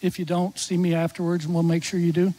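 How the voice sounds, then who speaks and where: A middle-aged man, a chaplain preaching in church, telling a story that drops to a hush when he quotes a dying man. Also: high-pitched, flat delivery, fast talker, a little hiss or hum, poor audio. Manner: tells the story warmly, drops to a near-whisper when quoting the dying man. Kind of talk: sermon storytelling. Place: church sanctuary.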